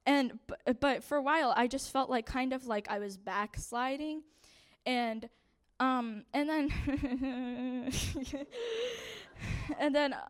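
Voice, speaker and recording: Nervous high-voiced young woman testifying. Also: a little slow. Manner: nervous, shaky, laughing between phrases. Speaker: church member giving testimony. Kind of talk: personal testimony to a group.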